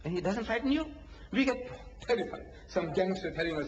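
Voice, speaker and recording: A man preaching an animated religious lecture, posing rhetorical questions, acting out dialogues and laughing at his own points. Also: high-pitched, brisk, slight background noise. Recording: echoey hall, dull lo-fi archive tape.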